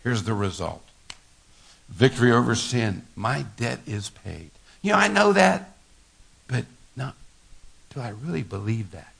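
A man's voice: medium pitch, expressive, unhurried, creaky, pauses often, a bit bright, slightly rough. An older man, a pastor, giving a folksy sermon full of stories, laughter and repeated words. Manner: folksy storytelling with laughter and repetitions.

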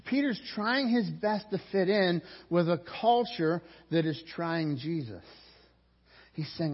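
Husky preaching man in a hall. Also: mid-range voice, normal speed. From Pittsburgh. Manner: animated preaching with voiced quotes and asides. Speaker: pastor. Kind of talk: sermon. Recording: dull recording in a reverberant hall.

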